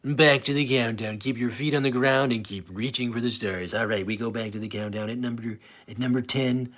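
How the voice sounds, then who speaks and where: A radio countdown host with a slick announcer patter that keeps snapping into a cranky, cursing tirade, as a man puts him on. He sits a little higher and louder than the man's normal talk. The spoken-word impression comes from a live stream. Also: steady tone, a little fast, natural voice. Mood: smooth announcer. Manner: announcer delivery, bursts into profane rant. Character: male radio countdown host, smooth then irate.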